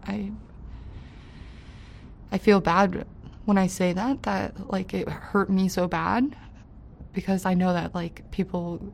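A woman recounting a personal story in an interview, halting and hesitant with many fillers, her voice dropping quiet on painful parts and rising with anger. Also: medium pitch, little pitch movement, creaky, slight background noise. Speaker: interview guest.

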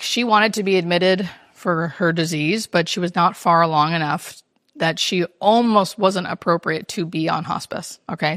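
A woman's voice: fairly low pitch, no room sound, studio quality. A woman, a hospice nurse, telling stories in an interview and acting out the voices of the people in them. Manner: animated storyteller who acts out quoted speech. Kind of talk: interview storytelling.

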